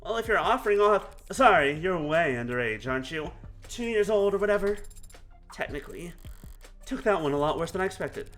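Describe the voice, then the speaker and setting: A wry young woman detective from a story game quips and needles the people around her, as a man reads her part. The voice sits slightly high, bright and animated. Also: a little fast, soft background music. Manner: dry and teasing.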